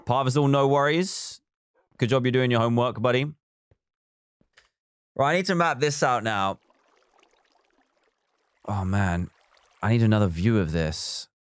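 A man's voice: mid-range voice, expressive, unhurried, pauses often, clean tone, dry recording. A man live streaming a building game, chatting casually, reading viewer comments aloud and counting blocks as he works.

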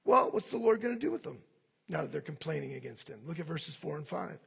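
A man pastor preaching a sermon in an animated way, acting out the voices of complainers. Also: fairly high pitch, quick pace, vocal fry, breathy edge.

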